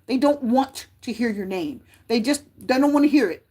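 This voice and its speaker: A woman's voice: a little high, expressive, normal speed, mellow. A woman giving a casual tarot reading to her viewers, chatty and prone to repeating herself. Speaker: tarot reader.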